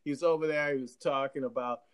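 Man, Jamaican accent, radio talk host, animated, laughs a lot, stammers. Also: mid-range voice, fast, clear, resonant tone. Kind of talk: live radio talk show chat.

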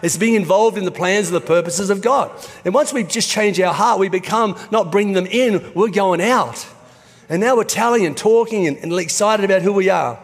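Male pastor, middle-aged, high-ish voice, chatty storytelling sermon, echoing hall. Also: normal speed. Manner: conversational storytelling preaching. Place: church auditorium. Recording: reverberant church hall.

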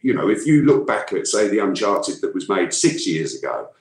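A man's voice: sits low, sing-song, moderate pace, roomy sound. A man with a London accent, a voice actor chatting enthusiastically as an interview guest, often restarting his sentences. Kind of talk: casual interview chat.

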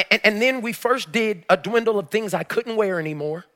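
A man preaching as pastor, telling a personal story and building to shouted exhortation. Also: sits high, fairly quick, few pauses. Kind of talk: sermon.

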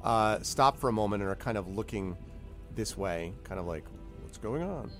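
A man's voice: fairly low pitch, moderate pace. Guy running a tabletop game, chatty and loose, lots of ums and little sound effects, faint music behind. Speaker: game master.

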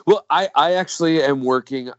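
A man's voice: on the high side, a little fast, dry recording. A man co-hosting a podcast in casual chat, rambling with lots of fillers and jokes. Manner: rambling, filler-heavy, jokey. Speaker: podcast co-host. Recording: dull lo-fi dry sound.

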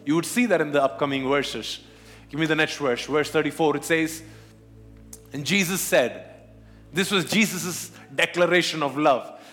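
A man's voice: a little high, moderate pace, fairly bright tone, soft background music. A man preaching a sermon as pastor, asking questions of the congregation. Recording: long hall reverb.

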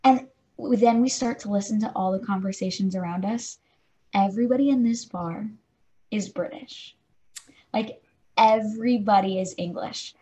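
A woman's voice: medium pitch, normal speed, warm tone, rough recording. A young woman in her twenties co-hosting a podcast, telling a story casually and saying "like" constantly. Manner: chatty, fills speech with "like". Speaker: podcast co-host.

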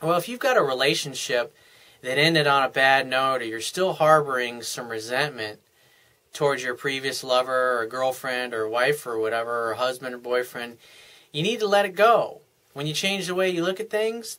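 A man's voice: mid-range voice, bright, forceful tone. Earnest man giving relationship advice. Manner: earnest, explaining step by step with casual frank language. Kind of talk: unscripted advice monologue.

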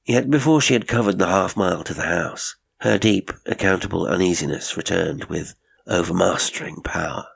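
A man narrating a ghost story in a measured, steady reading. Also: deep voice, creaky, husky.

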